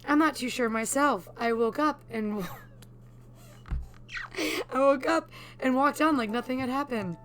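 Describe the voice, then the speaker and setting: A woman's voice: high-pitched, a little slow, pauses often, faint music behind. A woman voicing an ancient, courteous undead male archivist in a plain voice with old-fashioned phrasing.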